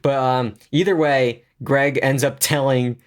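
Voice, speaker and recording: A man co-hosting a television review podcast, chatting in an easy, excited way. He circles back on himself with ums and restarts as he goes. His voice sits in an ordinary middle pitch. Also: measured pace. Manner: chatty, enthusiastic, many fillers and restarts. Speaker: podcast co-host. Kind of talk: casual TV review chat.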